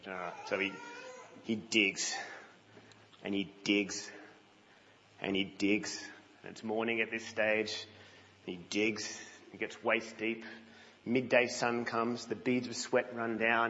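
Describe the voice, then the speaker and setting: A man preaching a sermon in a church, telling stories in an animated way and dropping to a hush. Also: on the low side, a little hiss or hum. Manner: animated storytelling, drops to a hush. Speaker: guest preacher. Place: church, indoors. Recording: reverberant, muffled church hall.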